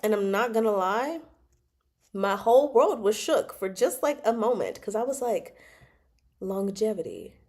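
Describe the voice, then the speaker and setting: Chatty woman with a mellow voice. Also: a little high, animated, moderate pace. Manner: chatty, digressive, laughs often. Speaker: book club host. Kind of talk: casual chat about a novel.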